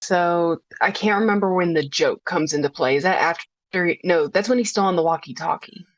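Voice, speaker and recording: Low-voiced woman recapping a show. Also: moderate pace, dry recording. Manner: rambling recaps, trails off and restarts. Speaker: podcast co-host. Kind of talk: casual chat.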